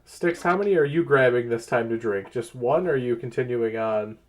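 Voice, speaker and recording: A man running a tabletop game as game master, narrating in a relaxed, chuckling way. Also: mid-range voice, a little fast.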